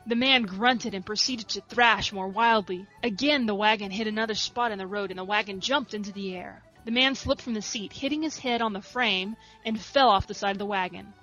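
A woman reading a story aloud in a soft, steady narration. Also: medium pitch, fairly quick, hardly any pauses, dull audio, faint music behind. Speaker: reader.

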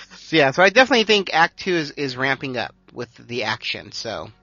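A man's voice: mid-range voice, sing-song, normal speed, bright, forceful tone, dry recording. A man co-hosting a podcast, talking things through at length in casual chat and laughing easily. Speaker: podcast co-host. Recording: dry, slightly dull lo-fi sound.

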